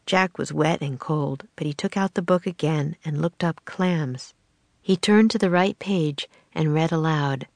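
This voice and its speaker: A woman narrating a children's storybook aloud in a measured, expressive way. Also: low voice, vocal fry, dry recording. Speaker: audiobook narrator.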